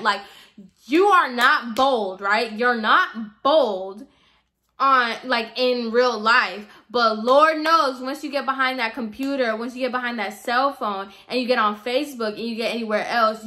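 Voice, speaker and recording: A young woman hairstylist telling a casual storytime rant, sassy and animated, acting out the people she quotes. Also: fairly high pitch. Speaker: hairstylist vlogger.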